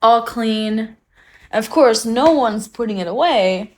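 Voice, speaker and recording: A woman's voice: a little high, slow, a little mellow, poor audio. A young woman from the United States, chatting casually on a phone livestream at home, giggly and freely swearing.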